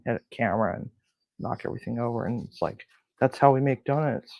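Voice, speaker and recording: A man's voice: medium pitch, lively intonation, a little fast, creaky, a little mellow, no echo, rough recording. A man hosting a casual cooking demonstration in a kitchen, rambling with crude jokes and lots of fillers. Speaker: cooking show host. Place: home kitchen.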